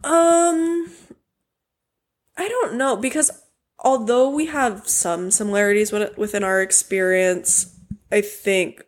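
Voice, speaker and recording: A young woman hosting a casual interview, talking in a relaxed, reflective way and laughing often. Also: medium pitch, slow pace. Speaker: host, former teammate.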